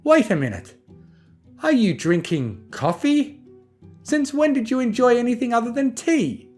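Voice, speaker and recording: A prim, refined unicorn lady, haughty and theatrical, as a male narrator puts her on. Her voice sits high and swoops with lively inflection. This is storybook reading with faint music underneath. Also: a little slow, heavily acted. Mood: incredulous. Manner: haughty, exclamatory.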